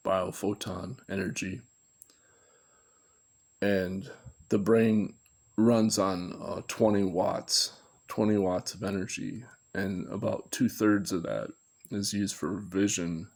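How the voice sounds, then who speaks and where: Male commentator, monotone and unhurried, thinking aloud off the cuff. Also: deep voice, creaky, husky. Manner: meandering, self-correcting, thinking aloud. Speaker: video commentator. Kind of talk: rambling unscripted monologue.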